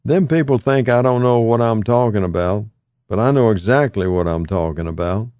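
A man's voice: fairly low pitch, lively intonation, normal speed, a little mellow, no echo, studio quality, voice pushed up, natural voice. A man reading aloud voices a frail, confused older man who repeats himself emphatically in folksy speech and turns fearful and pleading. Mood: emphatic.

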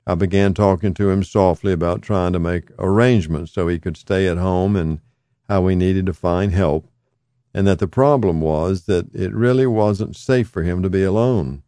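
A man calmly narrating a first-person memoir in a measured storytelling manner. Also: sits low, dry recording, studio quality.

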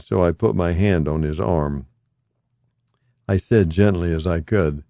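A man calmly narrating a first-person memoir in a measured storytelling manner. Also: low-pitched, dry recording, clean studio sound.

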